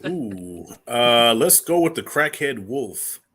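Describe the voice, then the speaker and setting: A man's voice: medium pitch, big pitch swings, slow pace, fairly bright tone, slightly rough. A man chatting as a guest on a livestream, talkative and playfully teasing. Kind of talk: casual livestream chat.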